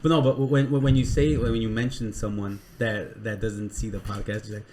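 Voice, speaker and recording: A man's voice: on the low side, level tone, moderate pace, over a noisy crowd. A man appearing as a guest on a podcast, chatting casually in a slangy, profane way with lots of "bro" and "dude".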